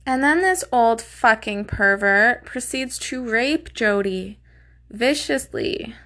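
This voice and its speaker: Bright-voiced, cursing true crime storyteller woman. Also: on the high side, animated, slow. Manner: indignant, profane, blunt. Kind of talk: casual true crime narration.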